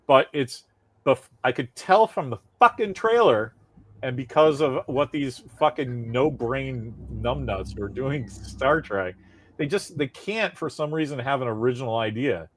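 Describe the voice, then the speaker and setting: A man co-hosting a podcast in casual chat, ranting in an animated way, swearing freely and laughing often. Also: medium pitch, measured pace. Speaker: podcast co-host.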